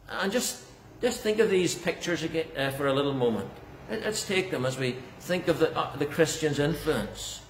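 Man, pastor, preaching a sermon, slightly higher voice, emphatic, roomy church sound. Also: lively intonation, a little hiss or hum. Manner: earnest, emphatic preaching with repetitions and pauses. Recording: echoey church hall.

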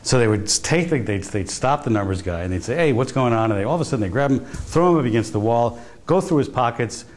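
Mid-range and a little mellow, this man's voice has lively intonation, a quick pace, and few pauses. He's a professor guest lecturing in a university hall, spinning conversational stories and often starting sentences over.

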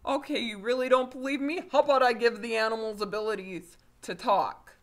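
A woman doing a loud boastful wizard man. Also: fairly low pitch, very animated. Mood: challenging. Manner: loud, showy and rushed, in a put-on accent. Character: boastful male wizard showing off magic.

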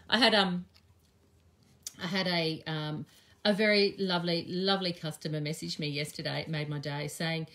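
A woman's voice: lowish voice, fairly even intonation, moderate pace, fairly bright tone. An Australian woman chatting and thinking aloud with frequent ums as she teaches a live craft demonstration. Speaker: craft teacher and shop owner.

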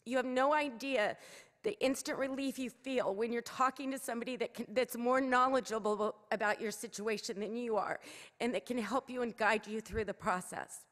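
A middle-aged woman with a fairly high, slightly bright voice pleads earnestly and urgently at a city council meeting, speaking through the podium mic at a moderate pace. Her comment is emotional, and the council chamber echoes around her.

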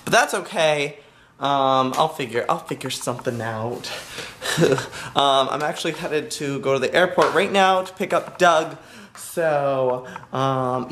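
A man's voice: fairly bright tone, slight background noise. A young man in casual vlog chat, chatty and jokey, with lots of fillers. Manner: chatty, filler-heavy, jokey, squeals into falsetto bits. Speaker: vlogger. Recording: music bed under the voice.

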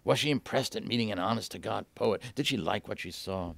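Deep-voiced man reading his novel aloud. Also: creaky, no echo. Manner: lively, voices the dialogue with raised pitch and quick asides. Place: bookstore reading event.

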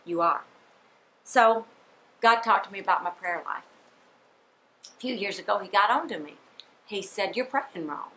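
Bright, emphatic woman preaching. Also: medium pitch, normal speed, long pauses, slight background noise. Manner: emphatic, repetitive preaching with forced laughter bursts. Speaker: speaker at a women's ministry gathering. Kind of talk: sermon.

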